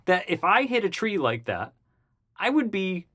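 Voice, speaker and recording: A man guest in an interview, telling a story casually and acting out the voices of the people in it. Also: normal speed. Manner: animated, acts out the voices of people in his story; jumps high and loud when excited.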